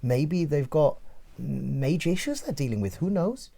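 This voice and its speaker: A rabbi with a strong English accent teaching in a podcast discussion, animated and acting out everyday scenes. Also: male voice, fairly high pitch, unhurried, vocal fry. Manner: animated, acts out scenarios in character voices.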